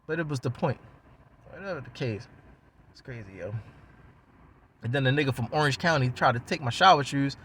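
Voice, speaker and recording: A man's voice: mid-range voice, a little fast, long pauses, fairly bright tone, a little hiss or hum. A man from West Baltimore with a Baltimore accent, telling a story in a casual, profane, slangy way and acting out other people's lines.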